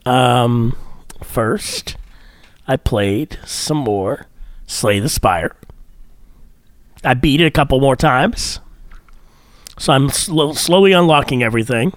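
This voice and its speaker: A man's voice: medium pitch, lively intonation, slow, long pauses, no echo. A man co-hosting a gaming podcast, teasing his partner in playful casual chat. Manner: teasing, playful, bursts into loud exclamations. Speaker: podcast co-host.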